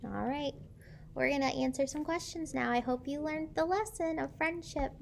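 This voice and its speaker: Woman teacher reading a storybook to kids, gravelly tone, fairly high voice. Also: moderate pace, slight background noise. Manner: asks children questions, gentle and encouraging. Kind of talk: reading a picture book aloud to children.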